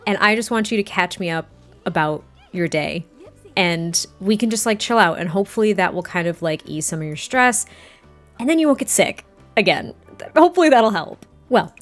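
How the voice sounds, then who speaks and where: A woman casually narrating a life-sim game story, chatting to her viewers with lots of fillers. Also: on the low side. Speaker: Sims story let's-player.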